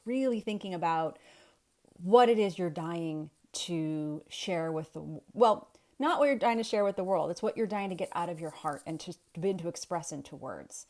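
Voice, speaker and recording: A woman in her thirties, a storytelling coach, talking casually to a webcam from home and thinking aloud with restarts and rhetorical questions. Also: on the low side. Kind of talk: casual talk to camera. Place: home with kids in the next room.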